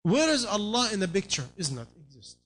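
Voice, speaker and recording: High-voiced man preaching emphatically. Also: sing-song, a little fast, fairly bright tone. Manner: emphatic, repeated rhetorical questions; non-native English phrasing. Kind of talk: sermon.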